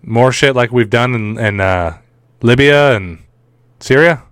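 A man's voice: mid-range voice, a little slow, a bit bright, clean tone, dry recording, studio quality. A man hosting a political podcast, ranting sarcastically and swearing often. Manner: sarcastic, profane, mocking. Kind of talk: casual ranting commentary.

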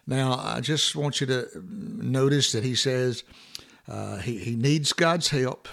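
A man's voice: mid-range voice, takes it slowly, vocal fry, a bit bright. A man hosting a morning devotional podcast, talking informally with many fillers and restarts as he works through a scripture passage.

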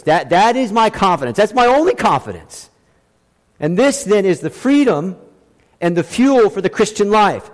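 High-voiced man preaching in a reverberant hall. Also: animated, moderate pace. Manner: emphatic preaching with repeated phrases, swinging between hushed and raised. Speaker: pastor. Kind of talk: sermon. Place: church sanctuary.

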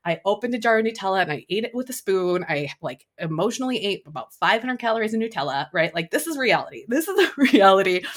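Woman host, 30s, lower pitch; candid solo podcast talk, emotional and laughing. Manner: emotional, confessional, laughs often, gets choked up.

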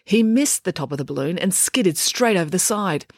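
A woman who is both author and narrator reads a children's audiobook with expressive storytelling. Her fairly low voice moves at a normal speed, recorded in studio quality with no room sound.

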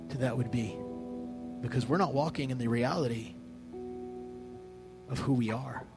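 A man preaching a sermon in a conversational way, telling a story with hushed asides. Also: mid-range voice, moderate pace, pauses often, loud music behind the voice, rough recording.

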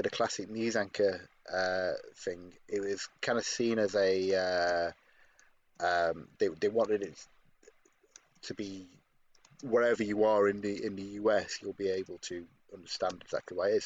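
A man's voice: fairly low pitch, a little slow, muffled recording. A British man co-hosting a casual podcast, explaining things in long, digressive asides. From Britain. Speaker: podcast co-host.

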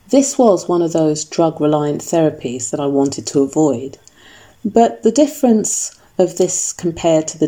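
Low-voiced woman with a very dark tone. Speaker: narrator of her own health story. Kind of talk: scripted first-person narration.

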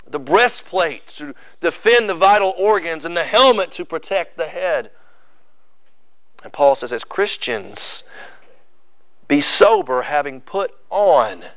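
A man's voice: fairly high pitch, no echo, lo-fi sound. A man preaching a sermon as pastor, emphatic and repeating phrases for stress.

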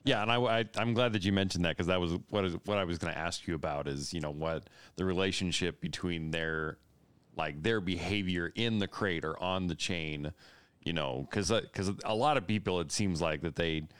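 A man's voice: deep voice, moderate pace, fairly bright tone, smooth, dry recording. A man co-hosting a podcast who listens closely and asks follow-up questions. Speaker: podcast co-host. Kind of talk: casual podcast chat.

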